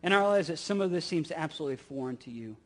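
A middle-aged man preaching with a notably high voice. He pushes his points with rising, swelling emphasis and repeated phrases, then drops low and quiet for asides. He keeps asking the listeners rhetorical questions. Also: animated, very fast. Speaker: pastor. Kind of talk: sermon.

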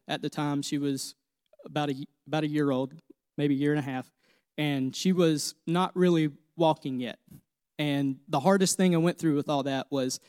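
Clean studio sound with no echo captures a man in his thirties whose pitch is fairly high. He's a pastor preaching emotionally, on the verge of tears, earnestly sharing his personal story and repeating phrases.

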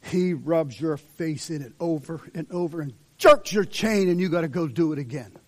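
A man's voice: a little high, expressive, moderate pace. A male pastor preaching an impassioned sermon in a church, voicing dramatic quotes as he leads into an altar call. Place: church sanctuary.

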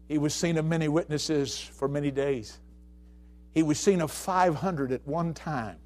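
A man preaching a sermon, telling stories and repeating phrases, swinging between hushed tones and shouting. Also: a little high, expressive, a little slow, vocal fry. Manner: storytelling, repeats phrases for emphasis.

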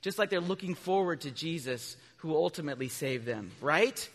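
A man preaching a children's sermon, asking his listeners questions and answering them himself, with animated bursts of loud emphasis. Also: fairly high pitch, normal speed. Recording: long reverb from a large hall.

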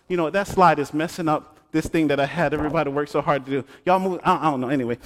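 A pastor preaching a sermon who teases his congregation and swings between hushed asides and loud exclamations. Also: a little high, fast talker. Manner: talks straight to the congregation, joking and teasing. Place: church sanctuary. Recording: long hall reverb.

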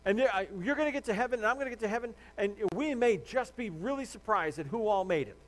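High-voiced man preaching conversationally. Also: lively intonation, fast talker. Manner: conversational preaching with restarts and acted-out dialogue. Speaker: pastor. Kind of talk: sermon.

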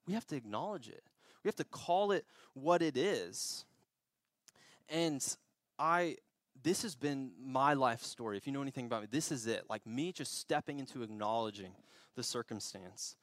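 A young man preaches in a relaxed, storytelling way, laughing at himself and restarting phrases as he goes. His voice sits at an ordinary middle pitch. The sound is dry and close. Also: brisk, no room sound. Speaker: pastor. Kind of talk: sermon. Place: church.

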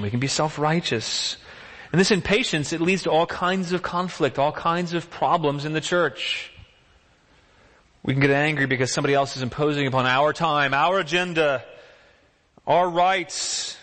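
A man's voice: on the high side, pushed and bright, big-room sound. A man preaching a sermon as pastor, talking in a conversational way and asking the congregation many rhetorical questions.

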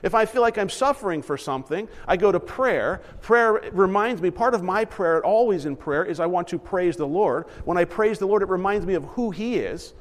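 A man's voice: high-pitched, animated, normal speed, hardly any pauses, in a large hall. A man in his thirties giving a conversational sermon as a pastor, dropping into other voices for quoted lines. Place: church sanctuary.

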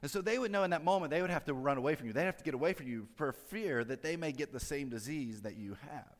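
A man's voice: a little high, lively intonation, quick pace. A man preaching a sermon in a church, explaining scripture in a conversational way, with fillers and joking asides. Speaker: pastor. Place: church sanctuary. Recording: long hall reverb.

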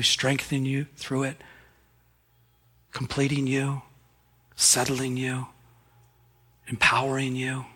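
A man's voice: medium pitch, pushed and bright, slightly rough. A man preaching a sermon as pastor, in a conversational way that acts out little stories.

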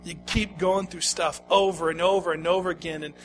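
Man, pastor, sermon, high voice, dramatic loud-soft swings, repeated phrases. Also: steady tone, a little fast, faint music behind, rough recording.

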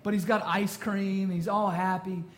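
A man's voice: high voice, flat delivery, normal speed. A man in his thirties preaching a casual, jokey sermon to a congregation. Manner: jokey, conversational, quotes song lyrics. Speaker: pastor.

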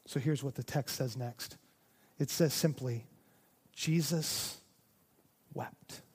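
A male pastor preaching a sermon with great passion, moving between loud emphasis and hushed, near-whispered lines. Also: medium pitch, fairly even intonation, unhurried, husky. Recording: long reverb of a large hall.

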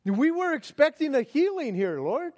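A man's voice: sits high, expressive, slow pace. A male preacher voicing an exasperated man, friend of a paralytic, who complains in disbelief. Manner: incredulous, complaining.

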